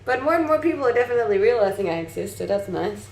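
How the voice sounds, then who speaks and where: Chatty Danish woman with a gravelly edge. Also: medium pitch, lively intonation, fast, a little mellow. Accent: mixed Danish and Australian-tinged English. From Denmark. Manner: chatty, laughs often, answers chat messages. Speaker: livestreamer reading chat. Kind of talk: casual live stream chat. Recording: echoey room, faint noise.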